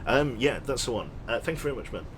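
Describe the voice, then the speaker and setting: A young man casually commentating his gameplay on a livestream, chatty and quick to launch into an animated story. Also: medium pitch, a little hiss or hum. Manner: chatty, animated storyteller who thanks subscribers. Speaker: streamer.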